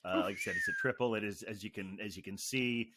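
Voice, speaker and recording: A man's voice: fairly low pitch, fast talker, background noise. A man hosting a beer podcast, talking in a wordy, playful manner and explaining things at length. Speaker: podcast host. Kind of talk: casual chat over beer tasting.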